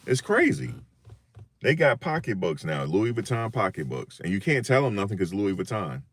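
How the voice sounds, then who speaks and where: An older man telling funny stories in a casual, animated monologue, often repeating himself. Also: fairly low pitch, brisk, no room sound. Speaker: vlogger.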